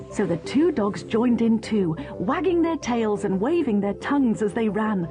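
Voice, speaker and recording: A woman narrating a children's storybook in a lively, expressive way. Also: on the high side, moderate pace, few pauses, over music. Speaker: audiobook narrator.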